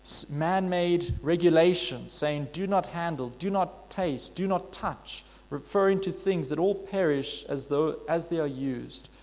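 A man preaching a sermon, reading scripture and then explaining it in an earnest, steady way, often pausing on "uh" and restarting phrases. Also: a little high. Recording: long hall reverb.

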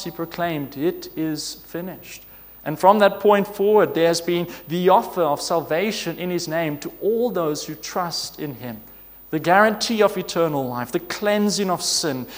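Preacher, male, high-pitched, earnest sermon delivery with pleading questions, long hall reverb. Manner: earnest, building to emphatic pleas and rhetorical questions.

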